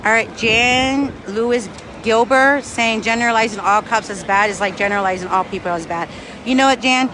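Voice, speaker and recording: A man's voice: high voice, fairly quick, bright, forceful tone. A man livestreaming from a street protest, angry and profane, answering chat comments. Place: outdoors on a city street. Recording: faint street and traffic noise.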